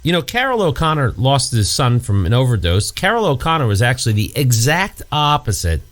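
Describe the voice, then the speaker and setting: A man chatting casually as a podcast co-host, his pitch swinging widely as he rambles from one story to the next. He swears freely and keeps circling back on himself mid-sentence. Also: very animated, fairly quick, a bit bright. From New York area. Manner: rambling storyteller, swears, acts out scenes in high put-on voices. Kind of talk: casual chat.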